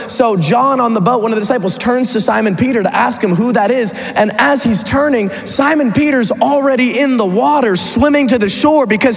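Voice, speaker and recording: A man preaching a sermon, retelling a story in an animated, conversational way with some humor. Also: very high voice, a little fast, vocal fry, few pauses, a faint crowd. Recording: long hall reverb.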